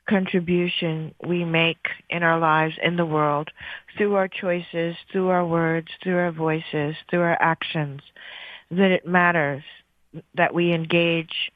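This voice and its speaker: A woman radio host leading a guided breathing meditation in a slow, soothing, gentle way. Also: lowish voice, no room sound. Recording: thin phone-like sound.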